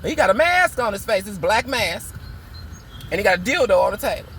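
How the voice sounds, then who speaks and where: A man's voice: high-pitched, very animated, fairly quick, fairly bright tone, slight background noise. A man from Michigan ranting in a sassy, dramatic casual vlog, drawing out words for emphasis. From Muskegon, Michigan. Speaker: vlogger. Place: car, in a parked or moving vehicle.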